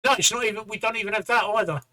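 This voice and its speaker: British man, stream co-host, high bright voice, loose sweary banter. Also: rapid-fire. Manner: offhand, swearing, joking. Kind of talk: casual live-stream chat.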